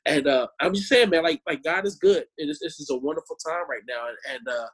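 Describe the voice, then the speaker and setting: Husky high-voiced animated man. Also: fast talker. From born in Chicago, raised in Omaha. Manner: animated storyteller, repeats words, exclaims "man" and "yo". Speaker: Christian musician and street preacher. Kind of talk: casual podcast chat.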